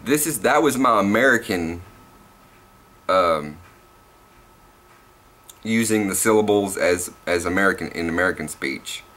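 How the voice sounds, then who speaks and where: A man's voice: low-pitched, expressive, a little slow, long pauses, a bit bright. Profane rambling Southern man vlogger. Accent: Southern US, Tennessee. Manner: rambling and profane, laughs at himself. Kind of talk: casual vlog rant.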